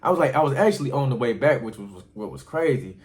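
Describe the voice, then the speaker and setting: A young man casually telling a personal story in a slangy, profane way. He keeps calling the listener "bro" and jumps way up in pitch when he acts out his own shocked reactions. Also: lively intonation, fast talker, a little mellow.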